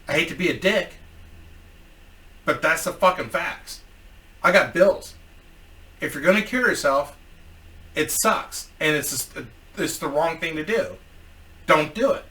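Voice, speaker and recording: A man's voice: fairly high pitch, pushed and bright, distant mic. A man telling a story in a casual, profane, rambling vlog as a YouTuber.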